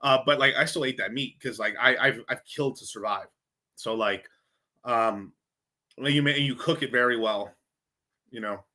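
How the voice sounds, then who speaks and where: A young man from Mexico with a bright, forceful voice streams live over a desk mic. He answers chat questions in a casual, rambling way. He swears freely and restarts his sentences often. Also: mid-range voice, normal speed, long pauses. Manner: profane, loose, lots of fillers and restarts. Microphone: streaming microphone.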